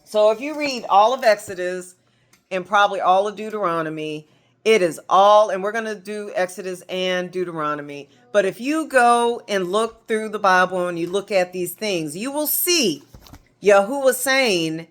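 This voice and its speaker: An American woman leads an informal Bible study in a home. She talks straight to the small group in the room, animated and conversational. She drops into little acted voices for the people she quotes, and her pitch moves around a lot. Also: moderate pace. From United States. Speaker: Bible teacher.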